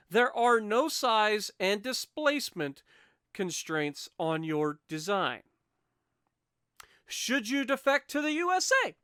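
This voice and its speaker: Man, gaming host, reads challenge rules, wry asides, smooth resonant voice, dry close sound. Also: high-pitched, fairly bright tone, no echo. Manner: reads aloud steadily, with wry asides and self-corrections. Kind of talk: reading out challenge rules for a strategy game.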